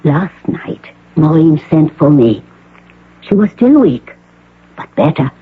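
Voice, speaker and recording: A man playing a self-assured hospital doctor in a 1980 radio drama, speaking in a measured, formal, precise way. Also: on the high side, very animated, husky, exaggerated voice. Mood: pleased. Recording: narrow phone-like radio broadcast.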